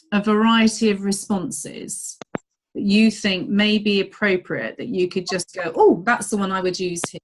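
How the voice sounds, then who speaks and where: A woman leading a group coaching call over video. She talks in a chatty, easy way. She slips into little acted-out exchanges with a brighter voice. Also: mid-range voice, a little hiss or hum.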